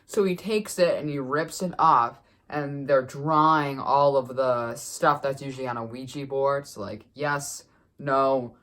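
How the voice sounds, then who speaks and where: A woman casually telling a story to the camera as a vlogger, chatty and animated, with lots of fillers. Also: rumbling low, measured pace.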